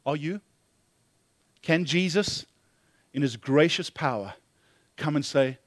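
A man's voice: on the high side, takes it slowly, long pauses, dry recording. A man preaching a sermon as a pastor, earnest, often repeating phrases for emphasis.

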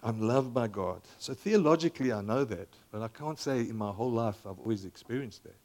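Older pastor preaching, big volume swings. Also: male voice, mid-range voice, brisk. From Zambia. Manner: animated and conversational, with dramatic volume swings down to near whispers. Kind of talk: sermon.

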